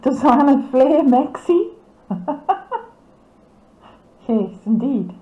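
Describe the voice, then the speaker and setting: A woman's voice: high voice, sing-song, drawn-out words, mellow. Lady chatting thru club photos, laughs a lot, kinda muffled roomy sound. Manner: chatty, amused, laughs often, reads out titles and names. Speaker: camera club presenter. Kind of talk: casual commentary over a photo slideshow.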